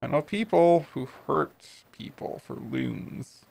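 A man reading a raccoon private detective in a noir video game, low and clipped, threatening when he questions people. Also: animated, slow pace, vocal fry, darkish tone, heavily acted. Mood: menacing. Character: gruff raccoon private detective, menacing male.

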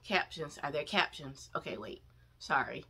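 A woman's voice: deep voice, normal speed. Gushing woman reacting to a music video. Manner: gushing, excitable, exclaims often.

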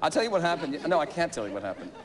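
A man's voice: fairly high pitch, big pitch swings, very fast, a crowd in the background. Rambling, jokey man on a talk show. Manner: rambling, jokey, laughs often. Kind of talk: casual talk show banter.

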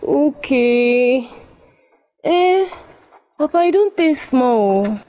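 A naive young daughter with a Nigerian accent, answering in a soft, mellow, fairly high voice. She sounds innocent and a little pleading. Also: lively intonation, extremely slow, full character voice.

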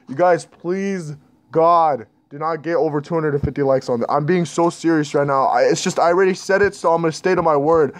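A man's voice: a little high, brisk. Jittery young man narrating a horror game. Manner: jittery, panicky, talking to viewers. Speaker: gaming channel host. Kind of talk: scared horror gameplay commentary.

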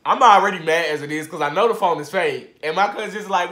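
A man vlogging a storytime in casual slang, swinging from muttered asides to shouted outbursts. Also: high voice, animated, fast talker, hardly any pauses, a little hiss or hum. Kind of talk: storytime vlog. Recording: roomy echo.

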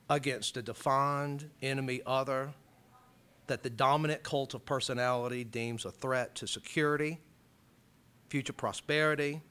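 Male college lecturer from Alabama, impassioned public talk, bright, forceful voice. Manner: impassioned, rising loud and high when reading quotes.

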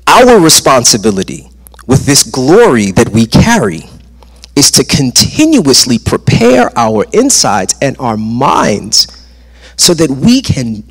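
Emphatic preacher in a reverberant church hall. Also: male voice, fairly high pitch. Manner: emphatic, rising and falling delivery with repeated phrases. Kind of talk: sermon. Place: church sanctuary.

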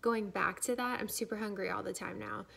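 A young woman talks casually to camera, rambling along with constant "like"s and fillers. Her voice has a gravelly fry and stays fairly flat in pitch, and she sounds slightly out of breath. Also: fairly quick. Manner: chatty, filler-heavy, says "like" a lot. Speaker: vlogger. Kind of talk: casual pregnancy update vlog.

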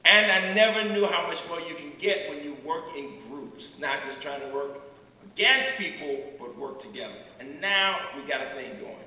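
A man in his sixties, a university president giving a public lecture, telling stories with dramatic pauses and repeated refrains. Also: on the high side, sharp tone, a little hiss or hum. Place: large lecture hall. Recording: echoey hall from far off.

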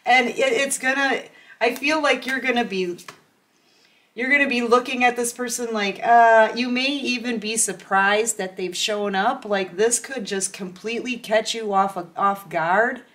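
A woman's voice: on the high side, a little slow, a bit bright. A woman giving a casual tarot reading, chatty and acting out imagined conversations with a laugh. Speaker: tarot reader.

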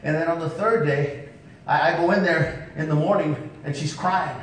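High-pitched preacher in an echoey church. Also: male voice, normal speed. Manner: emphatic, calls out "come on now" to the congregation. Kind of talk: revival sermon storytelling. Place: church sanctuary. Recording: echoey church hall from far off, faint rumble.

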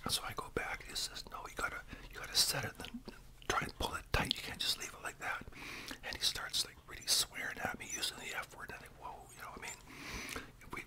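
Man in his 60s, whispered ASMR storytelling, rambling, tag questions, hushed voice. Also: mid-range voice.

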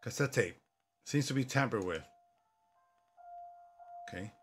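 Man, horror game commentary, jokey, swooping lively pitch, yelps at scares. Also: unhurried, slightly rough, soft background music. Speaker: gaming commentator.

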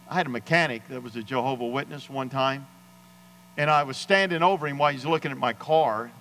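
A man's voice: fairly high pitch, a bit bright. Emphatic preaching man in a reverberant church. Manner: emphatic preaching with dramatic quoted voices. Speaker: pastor. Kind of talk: sermon. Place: church sanctuary.

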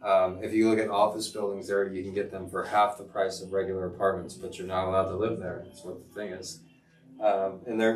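A middle-aged man hosts a casual livestream, rambling through stories with lots of fillers and restarts. His voice sits a bit low. The room echoes, he is set back from the mic, and soft guitar music plays behind him. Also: recorded from a distance. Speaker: teacher and livestream host.

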